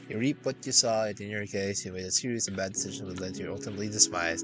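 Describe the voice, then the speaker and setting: A man's voice: lowish voice, fairly even intonation, fast talker, hardly any pauses. A young man streaming, reading a text game aloud with wry, slangy asides. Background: game music.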